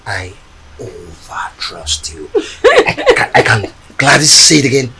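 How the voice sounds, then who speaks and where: An actor with a Nigerian accent playing an affectionate aging husband and father in a film, speaking gently and teasingly. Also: fairly low pitch, huge pitch swings, unhurried, heavy background noise, exaggerated voice. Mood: fond. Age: older. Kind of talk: film dialogue.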